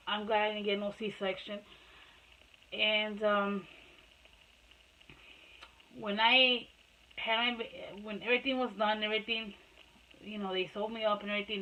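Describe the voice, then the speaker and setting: A woman's voice: mid-range voice, bright, forceful tone, a little hiss or hum, rough recording. A woman vlogger telling her own story in a rambling, emotional, candid way, switching between English and Spanish. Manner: rambling, emotional retelling, addresses viewers as guys. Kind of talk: personal storytelling vlog.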